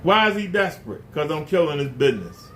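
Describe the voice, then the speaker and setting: Indignant high-voiced man ranting to camera. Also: sing-song, fast talker, a bit bright, slight background noise. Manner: indignant, repeats points, rhetorical questions. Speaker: YouTube channel host. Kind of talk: casual rant to camera.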